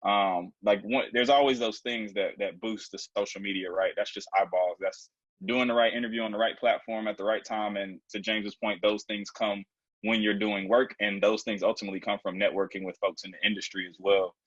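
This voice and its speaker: A man's voice: lowish voice, fairly even intonation, brisk, dry recording, highs cut off. A man co-hosting a live video chat, laid-back and thoughtful, with many "like"s. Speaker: co-host. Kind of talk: casual chat on a video call.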